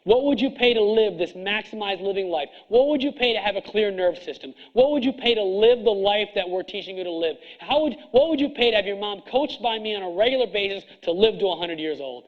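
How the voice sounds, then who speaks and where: A middle-aged man with a high voice lectures a seminar crowd in a blunt, hard-driving way, stacking up rhetorical questions. The recording is dull and lo-fi. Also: expressive, a little fast, few pauses. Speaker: chiropractor coaching other chiropractors. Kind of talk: seminar speech to an audience.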